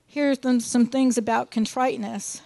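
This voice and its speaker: A woman's voice: a little high, steady tone, normal speed, gravelly, mellow, no echo. A woman teaching a sermon, reading scripture with emphasis and mixing in earnest, folksy asides. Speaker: Bible teacher.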